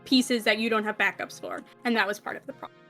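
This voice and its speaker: A woman narrating as game master in a tabletop game, unhurried and pausing often with fillers. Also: mid-range voice, creaky, pushed and bright, faint music behind.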